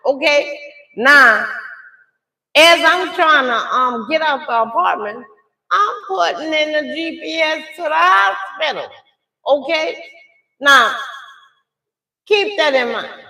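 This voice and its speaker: Middle-aged woman, livestream storytime host, bright high voice, dramatic delivery in an echoey room. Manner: dramatic, animated retelling that swings from loud outbursts to hushed asides; addresses viewers directly, often checking in with "okay?". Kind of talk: casual storytime.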